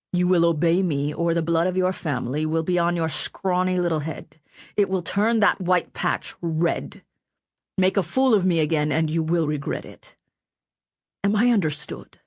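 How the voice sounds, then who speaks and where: A woman voicing a cruel male spymaster who snarls low threats at a boy.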